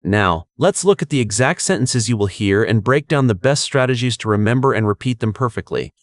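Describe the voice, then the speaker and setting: A man reads test-prep coaching from a script in a clear, measured voice. His pitch sits at an ordinary middle for a man, and the sound is dry with no room echo. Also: expressive. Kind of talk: scripted instructional narration.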